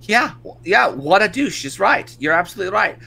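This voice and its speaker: A man with a fairly high, gravelly voice and a bright, edgy tone, ranting in profane casual commentary. He stumbles and restarts as he talks, sounding like a stream co-host riled up over the news. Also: sing-song, a little fast.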